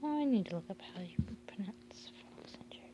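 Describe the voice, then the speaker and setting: A woman filming her cats at home, talking to them in soft whispers and baby talk, with frequent laughs. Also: medium pitch, expressive, brisk, highs cut off. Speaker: cat owner filming her pets. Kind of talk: casual baby talk to pets. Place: home, indoors.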